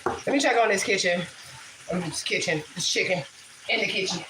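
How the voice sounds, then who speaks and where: Cooking in her echoey home kitchen, a livestream host who also works as a spiritual reader chats casually in a brisk, mid-range voice. Her stories are loose and full of swearing and laughs, and a little noise hums in the background.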